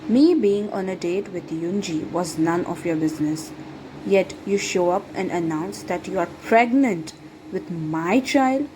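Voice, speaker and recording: A woman voicing a frustrated, sarcastic young man who works as a secretary, over steady background noise. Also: fairly low pitch, measured pace, close to an everyday voice. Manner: sarcastic, clipped.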